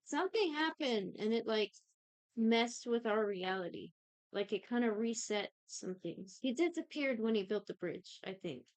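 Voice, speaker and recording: A woman's voice: on the high side, expressive, no room sound. Rambling, profane young woman recapping. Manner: rambling, profane, quotes characters in quick asides. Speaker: podcast co-host recapping a show. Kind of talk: casual chat.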